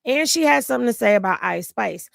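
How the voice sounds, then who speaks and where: A woman's voice: on the high side, animated, fast talker, gravelly, dry recording, clean studio sound. Chatty, tired woman hosting a live stream. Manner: chatty, gossipy, talks straight to viewers. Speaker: livestream host. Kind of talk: casual livestream chat.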